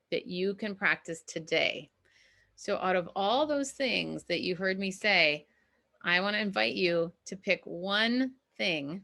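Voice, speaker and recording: A middle-aged woman from Minnesota, a communication coach teaching an online class in an energetic, emphatic and encouraging way. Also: fairly low pitch, creaky.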